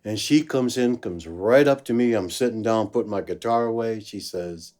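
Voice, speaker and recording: A man's voice: on the low side, moderate pace. A man telling a story casually, acting out the voices of the people in it. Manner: animated storyteller, acts out quoted voices. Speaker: blues musician telling a story.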